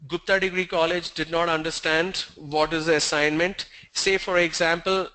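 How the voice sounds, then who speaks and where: A man's voice: on the high side, flat delivery, moderate pace, hardly any pauses, sharp tone, low-quality recording. A man teaching a pronunciation class online, spelling words out letter by letter before saying them.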